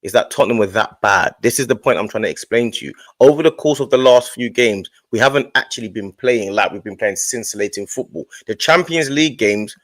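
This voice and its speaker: Young bloke, football debate host, rapid insistent delivery, dry mic. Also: male voice, mid-range voice, fairly bright tone, no echo. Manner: insistent, repeats his point, interrupts.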